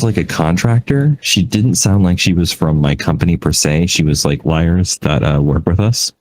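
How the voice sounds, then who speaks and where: A man's voice: sits low, a little mellow, slight background noise, low-quality recording. A man co-hosting a podcast, chatting casually in a rambling, self-deprecating way with frequent laughs. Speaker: podcast co-host. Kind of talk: casual chat.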